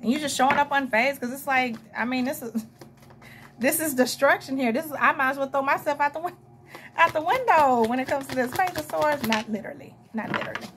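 A young woman with a Southern US drawl talks through a tarot reading, rambling and chatty, breaking off for quick laughs and asides to her viewers. Her voice sits a touch higher than most, and a faint hiss of noise runs under the recording. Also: a bit bright. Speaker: tarot reader. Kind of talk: casual tarot reading monologue.

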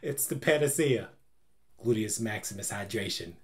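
A man's voice: lowish voice, animated, moderate pace. A man hosting a movie reaction, making playful quips and wordplay between chuckles. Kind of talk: casual movie reaction commentary.

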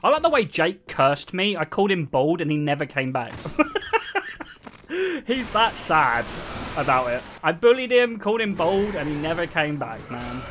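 A man's voice: a little high, sing-song, unhurried, a bit bright, slight background noise. A man in his twenties, chatting and joking teasingly with his viewers while streaming a game. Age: 20s. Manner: teasing, joking, often laughing. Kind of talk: casual live-stream chatter.

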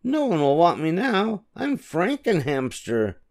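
A vain little girl hamster from a storybook, all gushing drama, as an older grandfatherly reader puts her on. She speaks high and swoops wildly up and down, with a gravelly edge. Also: huge pitch swings, unhurried, darkish tone, heavily acted. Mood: wailing. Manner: theatrical, gushing and wailing.

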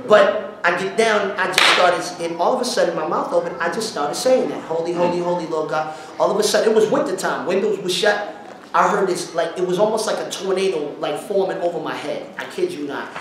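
A man preaching an informal sermon, telling stories in slangy talk, breaking into song and shouts as he retells them. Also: high voice, fairly quick, background noise. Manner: animated, bursts into song and shouts while retelling. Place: church hall. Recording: very echoey hall, mic at a distance.

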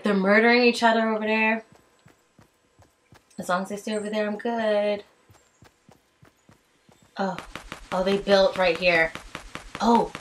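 A young woman giving excited, chatty commentary while playing a shooter game, dropping to hushed mutters and bursting into shouts. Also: mid-range voice, a little hiss or hum. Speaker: gaming channel host.

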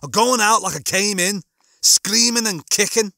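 A man voicing a defiant young spaceman with a Liverpool accent, loud and brash. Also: moderate pace, gravelly, no room sound, clean studio sound, full character voice. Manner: loud, brash, raised pitch.

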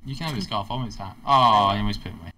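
Young man, casual gaming chat, excitable, yelps, bright voice. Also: fairly low pitch, rapid-fire, low-quality recording. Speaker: co-host playing a video game.

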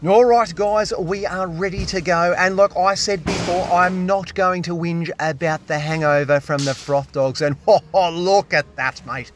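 A man with an Australian accent vlogging on a drain job, excitable and jokey, full of slang, and hungover. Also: sits high, unhurried, hardly any pauses. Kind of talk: casual on-the-job vlog. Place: restaurant on a job site, walking around.

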